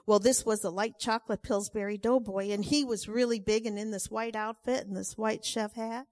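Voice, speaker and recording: A woman telling a personal testimony story in a chatty, animated way, acting out the quotes. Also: medium pitch, normal speed, dry recording, clean studio sound.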